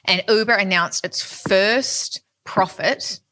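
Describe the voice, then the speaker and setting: A woman's voice: medium pitch, slow, pushed and bright. A young woman, co-hosting a casual podcast and chatting about money news with plain, laughing explanations. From New Zealand. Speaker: podcast co-host.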